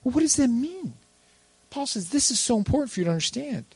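A man preaching a sermon as pastor, lively and quizzing his congregation with rhetorical questions, breaking into playful jokes. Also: extremely high pitch, quick pace, husky, dry recording.

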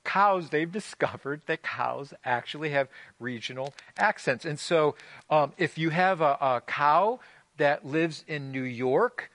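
A man's voice: on the high side, measured pace, fairly bright tone, dry recording. A man preaching a sermon as pastor, telling stories in a conversational way with light humor and often restarting phrases. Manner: repeats words as he restarts phrases.

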